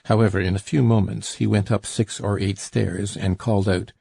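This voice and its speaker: A man narrating a classic novel as an audiobook in a measured storytelling manner. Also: fairly low pitch, steady tone, vocal fry, mellow, breathy edge, no echo, studio quality. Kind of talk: scripted narration.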